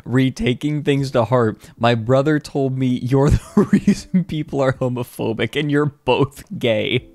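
A man streaming casually, who laughs often, exclaims loudly and reads chat aloud. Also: mid-range voice, measured pace, few pauses, no room sound.

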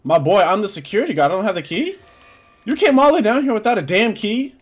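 A man's voice: high-pitched, very animated, fast, breathy edge. A man doing profane, jokey let's-play commentary on a horror game, jumping into sudden screams. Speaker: gaming YouTuber.

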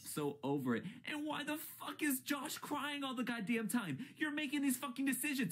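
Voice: mid-range voice, big pitch swings, normal speed, hardly any pauses, background noise. A YouTuber in a profane, exasperated rant about a reality TV show, swinging from grumbling to shrieks. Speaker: YouTube ranter.

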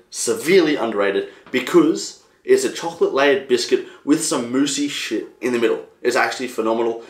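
A young Australian man hosting a casual solo podcast, rambling and animated, swearing freely. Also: medium pitch, reverberant. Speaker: podcast host.

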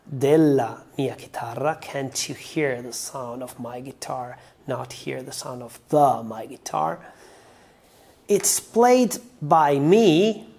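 A man with an Italian accent walks learners through song lyrics one piece at a time, in the careful manner of a language teacher. He talks at an unhurried, drawn-out pace, and his voice sits at an ordinary middle pitch. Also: fairly even intonation, gravelly, darkish tone, slightly rough. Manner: careful, step-by-step explaining.

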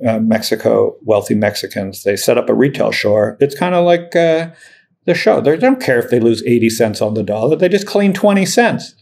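A middle-aged man speaking as an investor guest in a casual podcast interview, blunt, cynical and quick to swear. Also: mid-range voice, lively intonation, vocal fry, a little mellow.

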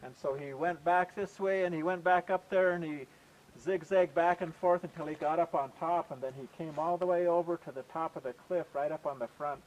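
A man telling a traditional folk tale aloud in a relaxed, conversational way, often saying "you know". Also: fairly high pitch, a little fast, dull audio. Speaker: storyteller. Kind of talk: oral folk storytelling.

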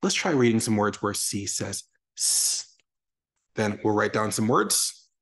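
A young adult man, a reading educator, giving a lively online lesson for parents and answering their questions. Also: lowish voice, measured pace. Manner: energetic, explains with sound examples. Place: lives in Texas.

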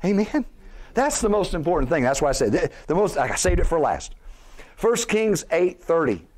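A middle-aged man delivers a sermon with lively energy, tossing questions at his listeners and pushing his voice close to a shout as he builds. His voice sits somewhat high for a man. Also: moderate pace. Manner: animated preaching, rhetorical questions, rising to near-shouts. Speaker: pastor.

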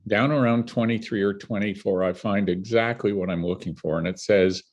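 Older canadian guy, husky lowish voice, tells stories and acts out what people said. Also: brisk, lo-fi sound. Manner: animated storyteller who acts out the people he quotes. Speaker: guest filmmaker. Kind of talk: storytelling in a conversational interview.

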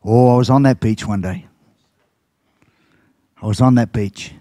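A man's voice: unhurried, warm tone, dry recording. An older man, a pastor preaching a sermon and telling stories, acting out quoted lines. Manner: storytelling, acts out quotes with big pitch jumps.

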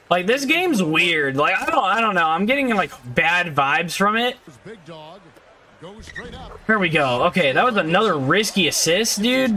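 A man with a high, bright voice giving live gameplay commentary. His pitch leaps around as he shifts between excitement and frustration, yelling at teammates and swearing in casual slang. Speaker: gaming YouTuber.

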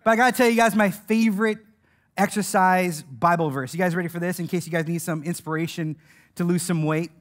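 A man preaching a sermon in an animated, joking way, laughing as he tells the stories and acting out the voices he quotes. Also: high voice, a little fast.

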